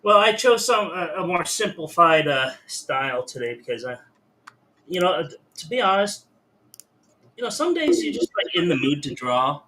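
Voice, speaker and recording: Tired male guest artist, bright voice. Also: on the high side, moderate pace. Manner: relaxed, hesitant, many fillers. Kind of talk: casual chat while drawing.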